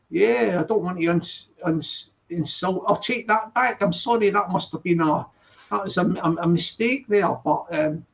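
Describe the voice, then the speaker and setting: A man's voice: high-pitched, creaky. A man hosting his channel in casual live-stream chat, rambling, correcting himself and reading out the chat. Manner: rambling, self-correcting, stops to read the chat aloud. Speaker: channel host. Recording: dull lo-fi sound.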